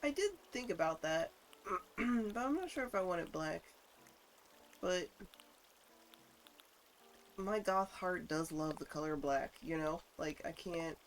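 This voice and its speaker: Building on stream, this livestreamer sounds congested and chats in a relaxed, playful way, humming sing-song nonsense and slipping into mock-formal wording. The mid-range, expressive voice moves slowly with long pauses, over slight background noise.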